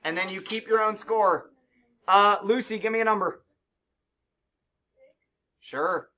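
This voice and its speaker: Brisk joking man teaching a class. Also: sits high, sharp tone. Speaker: middle school math teacher.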